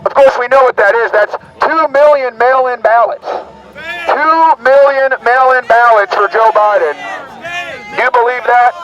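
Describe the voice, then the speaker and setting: A man's voice: extremely high pitch, a bit bright, muffled recording. A man giving a mocking, crowd-rousing speech through a megaphone at an outdoor rally, his voice strained and nearly gone. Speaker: rally speaker.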